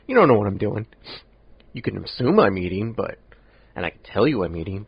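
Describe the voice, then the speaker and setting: A man's voice: on the low side, very animated, fairly quick, creaky, long pauses, husky, no room sound, dull audio. A man hosting a casual solo podcast, rambling and joking at his own expense. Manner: rambling, joking, self-deprecating. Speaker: podcast host.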